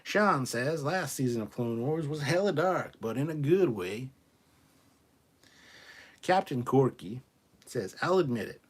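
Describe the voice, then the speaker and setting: A man's voice: medium pitch, expressive, a little slow, long pauses, breathy edge. A man hosting a live stream, reading viewer comments aloud in a chatty, joking way. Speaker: livestream host reading chat. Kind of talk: casual live chat.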